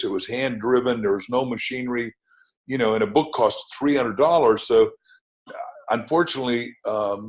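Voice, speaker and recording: A man's voice: medium pitch, rough recording. An older man, a podcast guest and author, telling stories with rambling asides and name-dropping. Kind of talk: podcast interview, enthusiastic storytelling.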